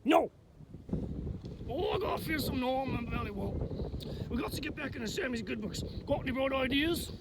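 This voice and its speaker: A man's voice: very high-pitched, normal speed, long pauses, very noisy. A man playing a dim-witted, eager male sidekick who talks in a rustic, clumsy way.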